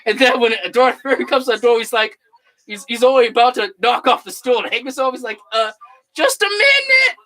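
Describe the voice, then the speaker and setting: A channel host chatting casually, rambling through a story with acted quotes and excitable bursts. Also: mid-range voice, fast talker, poor audio. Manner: excitable, bursts into loud laughing shouts. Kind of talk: casual recap chat.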